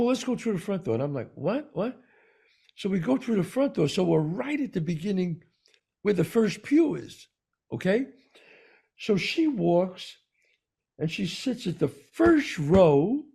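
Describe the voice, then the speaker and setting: A man spins a story as a podcast co-host, with a gravelly, husky voice. His pitch sits a little high and swings widely. He leans on repeated words to drive his points home. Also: warm tone. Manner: emphatic, repeats words for stress. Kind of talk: casual storytelling chat.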